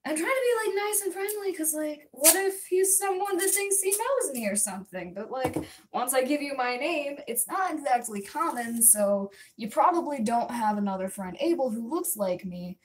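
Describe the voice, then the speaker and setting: A young adult woman livestreamer telling a story to her chat in a rambling, chatty way, full of quick asides. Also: high-pitched, lively intonation. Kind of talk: casual storytelling to live chat. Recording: voice a bit distant from the mic.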